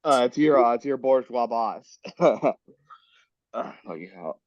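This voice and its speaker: A man's voice: medium pitch, expressive, slow, darkish tone, no room sound. A man chatting in an online reading group who is feeling sick, joking, swearing and laughing. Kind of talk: casual online group chat. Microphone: video call. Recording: dull lo-fi call audio.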